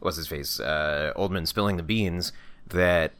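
A man co-hosting a casual podcast, retelling movie scenes and slipping into quick put-on voices. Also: sits low, a bit bright, clear, resonant tone. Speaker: podcast co-host. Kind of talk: casual movie review chat.

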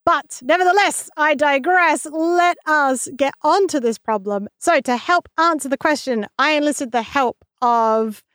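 A woman's voice: high voice, a little slow, few pauses, fairly bright tone, dry recording, studio quality. A young woman co-hosting a podcast, explaining things with enthusiasm. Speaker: podcast co-host. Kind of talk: casual chat on a science podcast.

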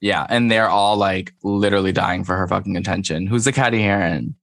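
Man podcast co-host, lowish voice, blunt and swears, dry close recording. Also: fairly even intonation, brisk, a bit bright, no room sound. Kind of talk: casual reality-TV recap chat.

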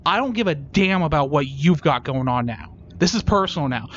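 A man's voice: on the high side, animated, fairly quick, few pauses, a bit bright, highs cut off, a little hiss or hum. A man playing a tabletop game in character, emphatic and swearing. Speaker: player. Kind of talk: in-character tabletop role-play.

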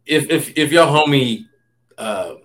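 A man's voice: medium pitch, slow. A man, a stand-up comedian, telling stories in a loose, casual interview chat, full of fillers and asides. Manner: loose, filler-heavy, animated anecdotes.

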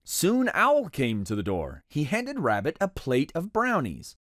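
Brief: expressive picture-book narrator, mid pitch, very animated, dry close mic. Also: a little slow, dry recording. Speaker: storybook narrator. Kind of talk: children's picture book read-aloud.

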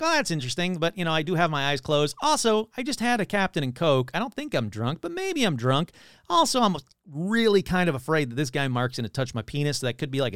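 A man's voice: mid-range voice, fairly bright tone, no room sound, studio quality. A man telling a comic story in a casual, rambling way, full of "like" and self-corrections.

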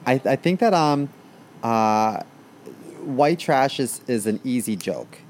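A man's voice: mid-range voice, animated, slow, a little mellow, slight background noise. A young man co-hosting a comedy podcast, chatting casually with lots of ums and likes. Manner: chatty, filler-heavy, laughs while talking. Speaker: podcast co-host.

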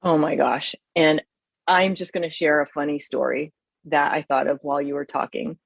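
A woman's voice: sits low, fairly even intonation, moderate pace, gravelly, husky, no room sound, dull audio. A woman podcast host telling a story in casual chat. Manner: chatty, storytelling.

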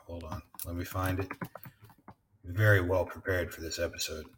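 A man's voice: low voice, flat delivery, moderate pace, fairly bright tone, distant mic, a little hiss or hum. A man hosting a podcast, chatting casually and rambling, swearing often and laughing. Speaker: podcast host. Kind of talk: casual chat.

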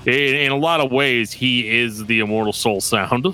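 Bright-voiced man chatting casually. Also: mid-range voice, normal speed. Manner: laid-back, rambling with frequent fillers and laughs. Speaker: podcast host. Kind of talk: casual chat about metal albums.

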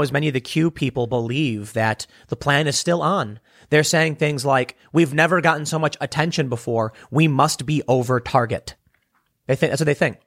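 A man's voice: on the high side, a bit bright, dry recording, clean studio sound. A man hosting his own commentary show, talking through analogies and acting out quoted voices. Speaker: political commentary host. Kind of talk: solo commentary monologue.

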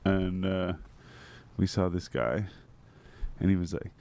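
A laid-back middle-aged man with a fairly low voice, hosting a relaxed conversation. He talks loosely and swears freely, telling stories from the street. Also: takes it slowly. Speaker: podcast host. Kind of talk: casual chat.

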